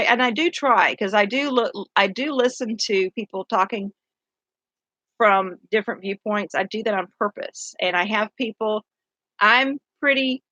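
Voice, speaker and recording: A woman's voice: medium pitch, bright, forceful tone. A tired middle-aged woman with a drawl talks through her views in a loose, rambling way, circling back and restarting sentences as she goes. The sound is dull and lo-fi, with a dry, close feel and no room echo. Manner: rambling and earnest, many restarts. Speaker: city council candidate. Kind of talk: casual monologue.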